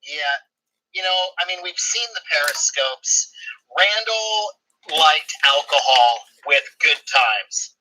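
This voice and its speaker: A man's voice: on the high side, animated, takes it slowly, background noise. A man chatting casually as a guest, rambling with many fillers and restarts. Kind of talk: casual chat.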